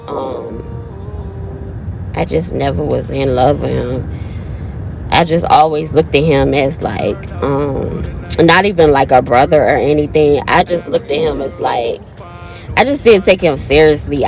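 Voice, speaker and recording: Low-voiced chatty woman with a cold. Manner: chatty, addresses viewers as y'all and honey. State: has a cold. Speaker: vlogger. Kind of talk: casual storytime chat.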